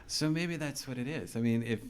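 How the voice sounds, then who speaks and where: A man's voice: mid-range voice, a little fast, clear, resonant tone. A man hosting a podcast interview, casual and chatty, firing questions and saying "okay" and "dude" often. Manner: chatty, asks many questions, says dude and okay a lot. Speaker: podcast host.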